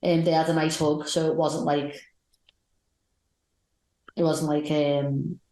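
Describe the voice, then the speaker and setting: A woman's voice: low-pitched, level tone, slow pace, mellow. A woman co-hosting a podcast, recapping matches in a rambling, enthusiastic chat. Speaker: podcast co-host. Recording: roomy echoey sound.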